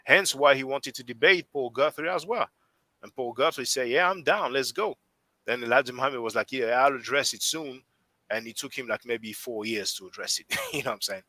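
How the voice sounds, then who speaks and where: Bright-voiced man with a French accent. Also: medium pitch, brisk, no echo, rough recording. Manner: rambling, restarts often while thinking aloud. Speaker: host. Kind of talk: casual discussion on a live stream.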